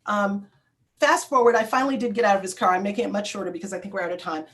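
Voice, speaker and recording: A woman's voice: medium pitch, steady tone, rapid-fire, fairly bright tone. A middle-aged woman telling a personal story in a panel talk, with frequent fillers and restarts.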